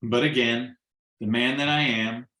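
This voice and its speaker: A man tells a personal story over a video call in an animated way, acting out quoted dialogue and slipping in jokes. His voice sits at a middle pitch, and the room around him gives it a noticeable echo. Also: a little slow. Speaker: guest sharing a testimonial.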